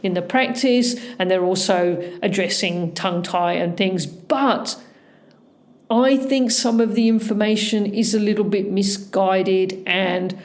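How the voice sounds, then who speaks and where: This is a middle-aged woman, a dentist, talking through her podcast in an unhurried, explanatory way. Her pitch sits in the middle, and her S sounds come out a touch slushy. She lays out each point methodically, one after another. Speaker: holistic dentist, podcast host. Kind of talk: informative podcast monologue.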